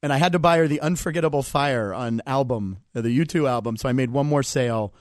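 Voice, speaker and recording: A man's voice: medium pitch, quick pace, dry recording, clean studio sound. A man in his forties from the Pittsburgh area, a comedian telling a story as a guest on a talk show. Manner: animated, acts out voices in his stories. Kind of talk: casual storytelling.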